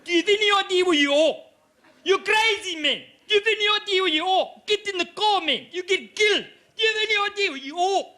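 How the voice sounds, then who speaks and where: A man voicing a frantic South African driver who shouts rapid, urgent warnings, with a South African accent. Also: very high-pitched, voice pushed up.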